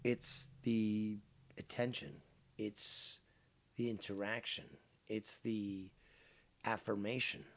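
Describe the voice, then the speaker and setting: A man hosting a drama commentary, sarcastic and cutting, alternating low muttering with sharp outbursts. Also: level tone, takes it slowly, long pauses. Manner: sarcastic, dropping to a mutter then flaring up.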